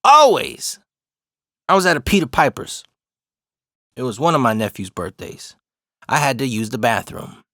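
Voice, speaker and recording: A man's voice: mid-range voice, lively intonation, normal speed, pauses often, a bit bright, no echo, clean studio sound. Man telling a profane story. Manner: profane, laughs through the story. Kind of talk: casual personal storytelling.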